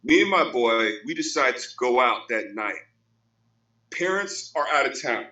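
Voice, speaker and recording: A man's voice: mid-range voice, sing-song, measured pace, bright, forceful tone, low-quality recording. A man hosting a casual podcast, telling stories animatedly and repeating his phrases. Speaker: podcast host.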